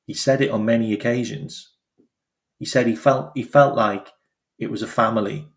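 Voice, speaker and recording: A man's voice: mid-range voice, normal speed. A man hosting his own channel, talking in a casual, emphatic way and repeating phrases for effect. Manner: animated, emphatic, repeats phrases, acts out quoted voices. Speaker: football channel host. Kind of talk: casual opinion commentary.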